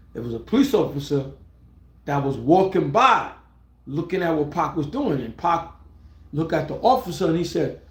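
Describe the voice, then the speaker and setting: A middle-aged man live-streaming a casual story, rambling and excitable, often restarting his words and swearing freely. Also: on the high side. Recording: roomy echo.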